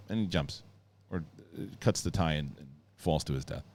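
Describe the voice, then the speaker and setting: A man talks fast and loose about a show he loves, stumbling over restarts as the excitement builds. His voice sits low but swings widely in pitch. The sound is dry and close, with no room around it. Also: no room sound. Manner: excited, rambling retelling with many restarts. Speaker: show host reviewing a TV episode. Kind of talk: casual spoken review.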